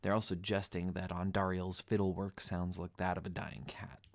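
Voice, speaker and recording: A man's voice: low voice, level tone, normal speed. A man casually explaining the choices he made as game master in recorded commentary. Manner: casual, explanatory, some fillers.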